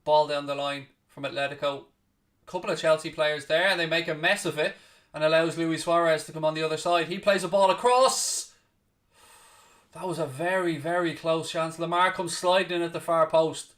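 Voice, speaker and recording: A live football watchalong host, recorded from a distance, speaks with a higher, fairly bright voice and fairly even intonation. He runs quick play-by-play naming every pass and bluntly snaps at his chat, swearing freely.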